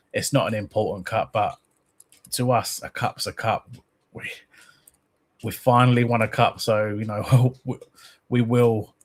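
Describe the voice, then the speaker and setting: Rambling man hosting a football stream. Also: on the low side. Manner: rambling, reads viewer comments aloud. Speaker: host of a football fan channel. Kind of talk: casual live-stream chat.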